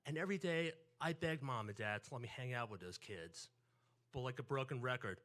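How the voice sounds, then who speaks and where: Bright-voiced New storyteller. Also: male voice, mid-range voice, brisk. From New York. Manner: animated, acts out quotes and family voices. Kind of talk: live personal storytelling.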